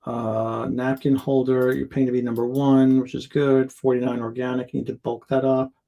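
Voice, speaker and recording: A man talks through product pages on a live stream, loose and chatty, with plenty of ums and likes. His voice sits in an ordinary middle pitch and has a gravelly, fry-tinged texture. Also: little pitch movement, moderate pace, dark tone. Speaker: sales account executive reviewing seller listings. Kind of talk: casual live-stream product listing review.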